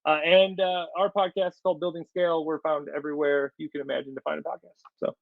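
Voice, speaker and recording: A man as a podcast guest talking business advice in an energetic, casual way, repeating words for emphasis. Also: on the high side, fast talker, creaky, no room sound, narrow, tinny audio. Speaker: podcast guest, company storyteller.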